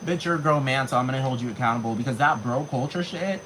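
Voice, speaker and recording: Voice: mid-range voice, noisy background. A person in their thirties ranting in a monologue, swearing heavily and packing in fillers. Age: 30s. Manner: rapid, heavy swearing, many fillers. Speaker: vlogger.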